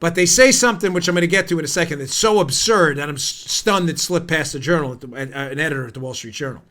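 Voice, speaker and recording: Host, male, 40s, American, high-pitched and heated, indignant political commentator. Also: fast. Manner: heated and indignant, rising to near-shouting. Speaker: podcast host.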